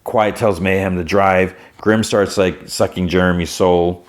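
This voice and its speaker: A man's voice: low-pitched, steady tone, measured pace. A man hosting a podcast, casually retelling a TV episode in a rambling way full of "like". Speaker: podcast host.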